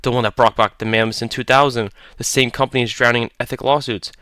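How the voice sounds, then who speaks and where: A man voicing a gruff, cursing male ranger who barks orders. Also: medium pitch, steady tone, fast, bright, forceful tone, no echo, studio quality, lightly acted. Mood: grim. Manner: gruff, swearing, barking orders.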